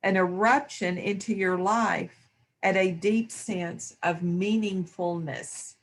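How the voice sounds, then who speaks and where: A woman speaking in a reflective spiritual discussion, slow and thoughtful. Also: medium pitch, fairly even intonation. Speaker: discussion panelist.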